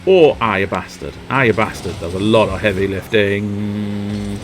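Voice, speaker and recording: A man giving live gameplay commentary, excitable, sweary and self-mocking, with sudden yelps. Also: on the low side, a little slow, slight background noise. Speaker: streamer.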